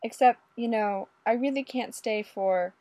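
A woman voicing a jittery young male undercover cop who talks in a halting, nervous way. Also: on the high side, dark tone, no room sound, close to an everyday voice. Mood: flustered.

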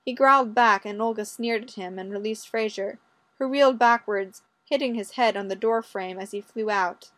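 A woman reading fiction aloud in an even, steady storytelling voice. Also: a little high, moderate pace. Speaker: narrator.

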